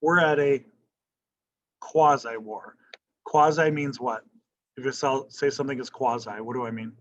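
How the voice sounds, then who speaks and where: A man's voice: mid-range voice, steady tone, unhurried, dull audio. A male history teacher lecturing a class in a casual, conversational way, often checking in with "right?" and asking questions.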